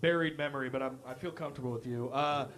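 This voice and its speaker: A man's voice: mid-range voice, steady tone, fast talker, over a noisy crowd. A man from the Midwest hosting a comedic true crime talk show, joking loosely and swearing freely. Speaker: host. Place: live café stage.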